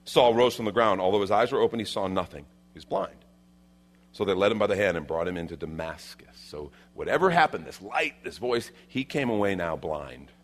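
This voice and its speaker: A male pastor preaching a sermon, emphatic and repeating his key lines, swinging from loud declarations to hushed asides. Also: low-pitched, animated, fairly quick.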